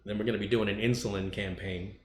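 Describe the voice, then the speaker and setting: A man's voice: on the low side, fairly even intonation, quick pace. A man hosting a casual livestream, reading viewer chat and joking with the people in it. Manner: joking, teasing, chatty. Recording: echoey room, faint noise.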